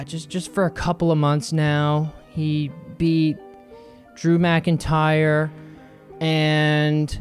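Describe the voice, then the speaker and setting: A man hosting a solo podcast, chatting casually and jokingly with lots of asides. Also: fairly high pitch. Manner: rambling, joking, full of fillers and asides. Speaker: podcast host.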